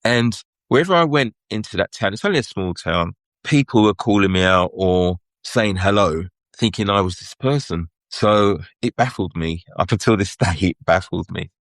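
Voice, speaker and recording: A man with a London English accent and a very low voice tells anecdotes in a casual interview. He is chatty and lively and slips into laughter as he goes. The sound is close and completely dry. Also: normal speed, hardly any pauses, no echo. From England. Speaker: guest photographer.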